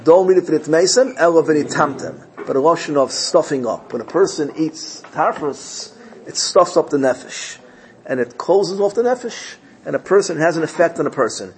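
A man's voice: on the high side, a little mellow, a little hiss or hum, low-quality recording. A man teaching a Torah class, explaining Hebrew verses in English and mixing in Yiddish terms as he tells a story.

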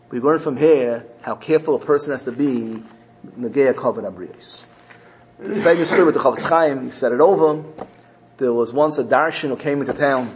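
A man's voice: mid-range voice, slight background noise, low-quality recording. A man teaching a Torah class, telling stories earnestly and with animation. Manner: earnest, animated storyteller mixing Hebrew terms. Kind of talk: storytelling Torah lesson.

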